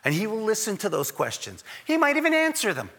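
A high, lively male voice preaching a conversational sermon, now and then acting out the people he quotes. His tone is bright and a little husky. A long hall reverb trails after his words. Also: quick pace. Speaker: pastor.

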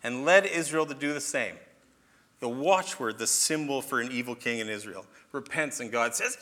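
A man teaching the Bible in an animated sermon, asking rhetorical questions and often checking in with "okay?". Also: medium pitch, brisk.

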